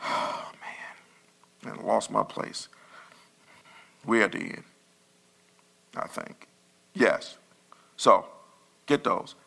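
A man preaching a sermon as pastor, talking in a loose, conversational way with sudden loud bursts. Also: fairly low pitch, very slow, gravelly, long pauses, breathy edge.

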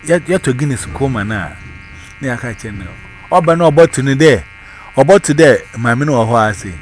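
A man's voice: mid-range voice, animated, moderate pace, slight background noise. A man, telling a story in casual chat and switching between Twi and English. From Ghana.

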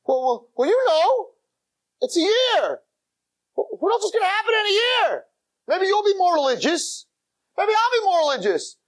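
A man doing a squeaky, stammering young boyfriend. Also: big pitch swings, normal speed. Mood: nervous, stalling. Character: evasive young boyfriend, nervous and stalling.

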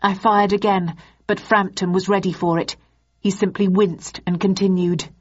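A woman narrating an audiobook in the first person in a steady storytelling manner. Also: medium pitch, normal speed, breathy edge. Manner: steady storytelling, voicing characters. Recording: dull lo-fi audiobook recording.

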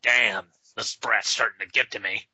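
A man reading aloud and voicing a gruff, contemptuous grown vigilante with curt, scornful lines. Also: on the low side, steady tone, normal speed, bright, forceful tone, no echo, heavily acted. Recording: slightly dull lo-fi sound.

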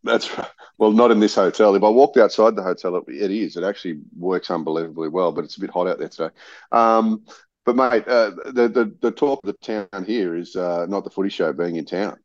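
Brief: low-pitched Aussie co-host, hesitant, muffled dry remote line. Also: male voice, fairly quick, dry recording. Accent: Australian. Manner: hesitant, many fillers and restarts. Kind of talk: casual sports chat. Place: hotel room.

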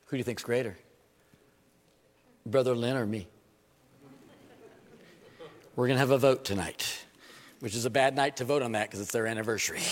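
A male pastor, preaching an animated sermon full of rhetorical questions and self-deprecating humor. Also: mid-range voice. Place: church sanctuary. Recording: long reverb of a church hall.

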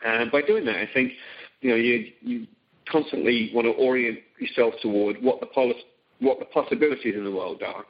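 A middle-aged man speaking on a phone seminar, talking casually with many ums and restarts. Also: mid-range voice. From Britain. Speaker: teleseminar guest. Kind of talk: conversational phone seminar talk. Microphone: phone call. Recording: dull lo-fi call audio.

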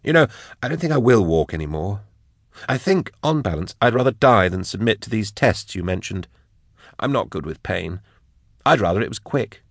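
A chatty, curious male scholar with dry wit who talks to stall for time. His low voice is a touch lighter than the narration, and the sound is close and dry. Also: expressive, normal speed, no echo. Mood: wry.

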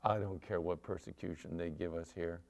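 A middle-aged man, a pastor, preaching a sermon with animated storytelling and acted-out quotes. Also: deep voice, normal speed, creaky.

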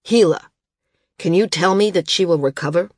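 A domineering male ruler, read by a woman narrator in a storybook, asking cold, pressing questions. The voice sits low. The sound is dry and close. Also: moderate pace, no room sound, close to an everyday voice.

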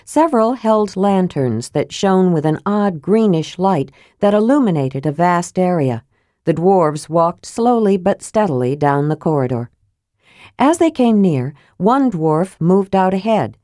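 A woman narrating a fantasy audiobook in a steady, measured reading voice, close to the mic. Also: lowish voice, no room sound.

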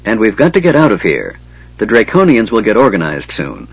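Male reader doing half-elf leader, commanding, hurried, slightly higher than his narration. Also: wildly swooping pitch, husky, dry recording, highs cut off, full character voice. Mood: urgent. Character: young half-elf leader, urgent and firm.

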